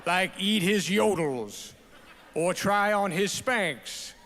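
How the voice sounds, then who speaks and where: A man reading a comic roast letter aloud in a put-on Southern accent, with a slow, drawn-out delivery at an awards ceremony. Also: high-pitched, animated, fairly bright tone, a little hiss or hum, full character voice. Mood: mocking. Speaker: award recipient. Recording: reverberant awards hall, faint ambience.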